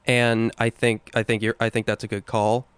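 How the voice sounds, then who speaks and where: A man's voice: medium pitch, level tone, moderate pace, clear, resonant tone, dry recording. A young man co-hosting a podcast, chatting casually and playfully, savoring the words he talks about. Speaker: podcast co-host. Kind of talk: casual chat.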